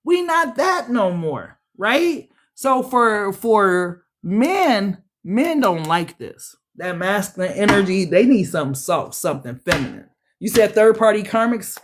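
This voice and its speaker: A woman's voice: mid-range voice, big pitch swings, a little slow. Blunt, profane woman reading tarot. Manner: blunt, profane, sassy slang. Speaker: tarot reader. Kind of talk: casual tarot reading livestream.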